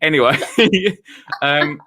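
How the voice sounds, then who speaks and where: A man's voice: on the high side, slow pace, bright, forceful tone. A man hosting a casual chat show, bantering and laughing often. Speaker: host.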